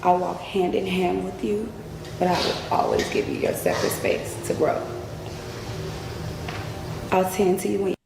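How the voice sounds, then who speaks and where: A woman's voice: lowish voice, steady tone, a little slow, creaky, long pauses, noisy background. A woman reading heartfelt wedding vows in an earnest, heartfelt manner. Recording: echoey hall with loud ambience.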